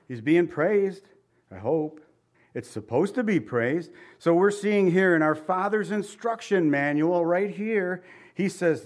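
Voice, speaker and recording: A man preaching a sermon, reading scripture aloud between animated, laughing asides to his congregation. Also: sits high. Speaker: pastor.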